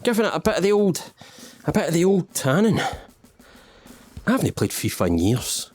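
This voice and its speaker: Animated high-voiced Scottish man rambling. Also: normal speed, faint music behind. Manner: rambling, self-mocking, jokey asides to the viewer. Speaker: gaming channel host. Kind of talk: playful let's-play commentary.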